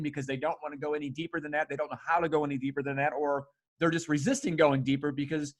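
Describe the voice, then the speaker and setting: A man's voice: fairly high pitch, fairly even intonation, fast talker. A man hosting a casual podcast chat, talking bluntly and emphatically with frequent swearing. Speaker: podcast host.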